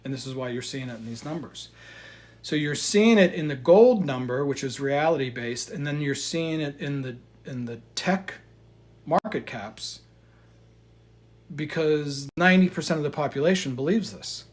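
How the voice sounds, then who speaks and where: A man giving heated, profane market commentary, swinging between loud outbursts and quiet asides. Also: fairly high pitch, expressive, normal speed. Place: indoors in front of a chart.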